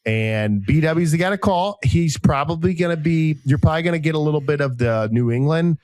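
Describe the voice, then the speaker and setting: A man in his thirties hosting a podcast, chatting casually with co-hosts, mixing jokes and ad reads in a rambling, deadpan way. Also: fairly high pitch, fairly quick, no room sound. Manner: joking, rambling, deadpan asides. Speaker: podcast host.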